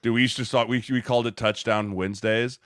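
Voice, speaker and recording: A man's voice: mid-range voice, steady tone, fast talker, dry recording. A man co-hosting a casual podcast, telling stories and acting out dialogue. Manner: chatty storyteller acting out dialogue. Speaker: podcast co-host, former lineman.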